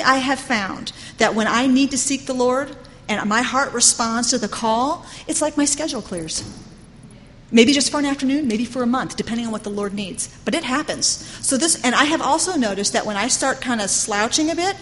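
A woman's voice: high voice, animated, brisk, a bit bright, a little hiss or hum. A middle-aged woman teaching a sermon in an earnest, conversational way, often saying "you know". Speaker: Bible teacher. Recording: long hall reverb with faint ambience.

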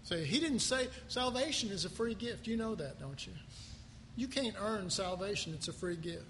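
A male pastor preaches in a high, lively voice, firing questions at his congregation and acting out the people he talks about. His voice rings through a large hall with a long reverb. A faint hum of noise sits underneath. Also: moderate pace. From United States. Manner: animated, acts out quoted voices, asks the audience questions. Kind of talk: sermon. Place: church hall.

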